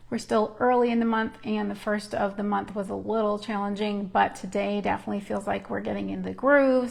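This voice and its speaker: Chatty numerologist lady on a livestream, bit of vocal fry, laughs a lot and wanders off topic. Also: medium pitch. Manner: chatty, laughs often, rambling asides. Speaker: numerologist and intuitive counselor hosting a livestream. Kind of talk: casual livestream chat to viewers.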